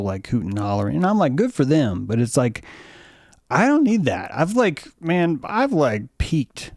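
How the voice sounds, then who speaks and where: Gravelly-voiced guy rambling excitedly, lots of cussing, dry close sound. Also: medium pitch, dry recording. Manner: excitable, swears freely, repeats himself. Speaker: podcast co-host. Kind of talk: casual conversation.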